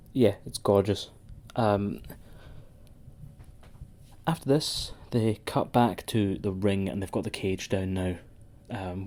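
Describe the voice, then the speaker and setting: Male podcast co-host, low mellow tone, sweary rambling banter. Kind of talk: casual wrestling podcast chat.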